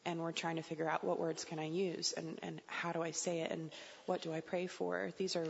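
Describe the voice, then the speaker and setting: A woman sharing thoughts in a group Bible class, pausing as she searches for words. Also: fairly low pitch, flat delivery, gravelly, a little hiss or hum. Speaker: Bible study participant. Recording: long reverb, dull lo-fi sound.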